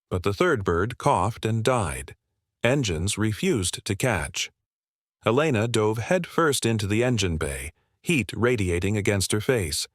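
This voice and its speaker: A man narrating a scripted war story in a steady, measured storytelling manner. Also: lowish voice, no room sound, clean studio sound.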